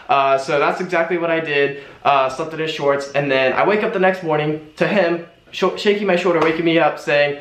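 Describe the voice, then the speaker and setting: Young man, animated storyteller, quick speech, roomy echo. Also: a little high, slight background noise. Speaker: travel vlogger. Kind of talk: storytime vlog.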